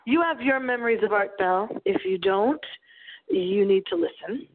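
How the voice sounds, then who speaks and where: A woman's voice: medium pitch, lively intonation, normal speed, a little hiss or hum. Tinny dramatic woman radio host. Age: 40s. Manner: dramatic, breathy storytelling delivery. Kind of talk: dramatic paranormal radio monologue. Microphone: small microphone. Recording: tinny phone-like audio.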